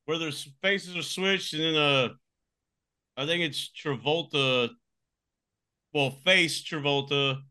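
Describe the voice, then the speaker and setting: A man's voice: fairly high pitch, takes it slowly, long pauses, pushed and bright, smooth. A man co-hosting a casual podcast, crude and joking, laughing often. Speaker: podcast co-host. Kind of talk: casual chat.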